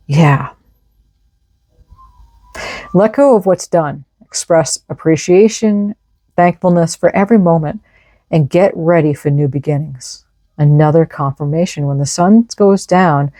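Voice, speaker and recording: A woman's voice: low-pitched, dark tone, no echo. A woman giving an enthusiastic, casual tarot reading, reading out card messages and explaining them. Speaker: tarot reader.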